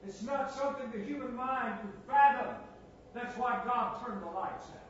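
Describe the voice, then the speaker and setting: Man, preacher, sermon, very high voice, slow delivery, hushed to booming, repeats phrases, dull lo-fi recording. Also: a little hiss or hum. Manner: swings from hushed to booming, dramatic pauses.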